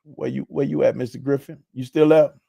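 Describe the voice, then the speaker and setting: A man's voice: medium pitch, fairly even intonation, brisk, creaky, warm tone, slightly rough, no room sound. A man in his forties hosting a casual chat, laid-back and laughing often, his voice wearing thin. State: losing his voice. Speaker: podcast host.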